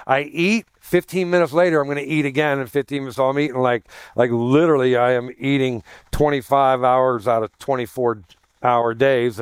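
A male pastor tells a self-mocking story from the pulpit, chatty and anecdotal, and slips into animated voices when he quotes others. His voice is smooth and clear and sits at an ordinary pitch. The sound is dry, with little room echo. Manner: self-deprecating, conversational, anecdotal; animated voicing of quoted people. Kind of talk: humorous sermon storytelling.

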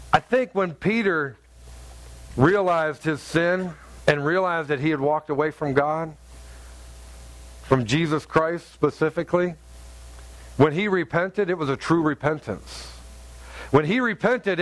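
Higher-voiced preacher telling a story. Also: male voice. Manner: conversational, halting with many fillers; rising to fervent exhortation. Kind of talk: sermon with personal storytelling.

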